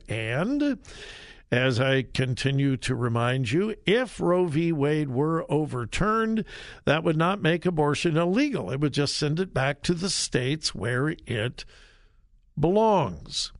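A man hosting a talk radio show, delivering an opinion monologue deliberately and with emphasis on key words. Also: fairly high pitch, no echo, clean studio sound.

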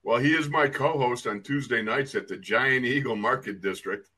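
A man's voice: mid-range voice, normal speed, sharp tone, slightly rough. A man co-hosting a football podcast, telling old coaching stories with laughs and emphasis. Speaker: co-host, former player. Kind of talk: casual podcast chat.

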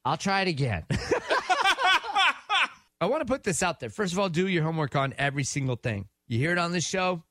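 A man telling a story on morning radio. His voice sits high and leaps all over as he acts out each quoted line. The studio sound is dry and close. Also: big pitch swings, a little fast, pauses often, fairly bright tone, no room sound. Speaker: radio co-host.

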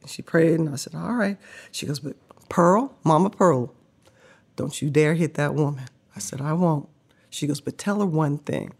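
An older woman and former basketball player telling stories as a podcast guest, animated and laughing, acting out what people said. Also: lowish voice. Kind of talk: casual storytelling interview.

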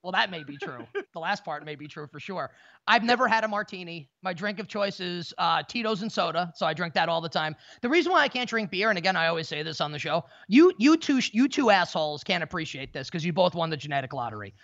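A man in his thirties talking in casual sports-betting banter, in a rapid, profane, stammering rant. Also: high voice, expressive, fairly bright tone. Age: 30s. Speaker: co-host. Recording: dull lo-fi audio.

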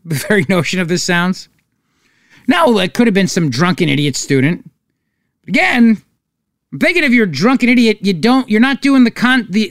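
A man's voice: sits high, a bit bright, no echo, clean studio sound. A man hosting a political talk show, sarcastic and mocking in his commentary. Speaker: talk radio host.

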